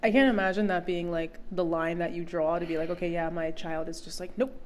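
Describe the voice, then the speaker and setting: A woman's voice: lowish voice, steady tone, a little fast, darkish tone, a little hiss or hum. A woman guest on a podcast, speaking in earnest, reassuring casual chat.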